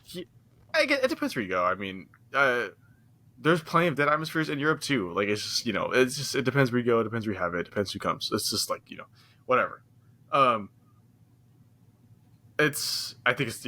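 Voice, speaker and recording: Young man, podcast co-host, casual chat, bright forceful voice, rambling. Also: mid-range voice, a little fast. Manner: animated, rambling, repeats himself.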